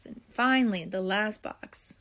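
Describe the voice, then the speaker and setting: A woman teacher talking students through a video lesson, slow and deliberate, thinking aloud while she writes and speaking to them directly. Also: mid-range voice, a bit bright. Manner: friendly, addresses students directly. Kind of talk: classroom video lesson, filling in notes.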